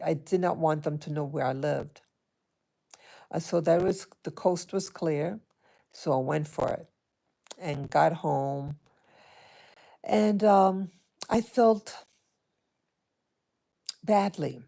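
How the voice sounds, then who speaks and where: A woman vlogger telling a personal story to her viewers in a hesitant, halting way, with many restarts. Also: low voice, vocal fry, warm tone. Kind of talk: casual personal storytelling to camera.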